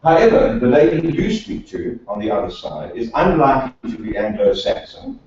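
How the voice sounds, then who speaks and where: A man's voice: medium pitch, very animated, normal speed, darkish tone. A man from South Africa, a speech and accent coach, giving a prepared talk to a meeting with dry wry humour and rhetorical questions. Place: meeting room of a professional association. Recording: echoey hall, distant dull mic.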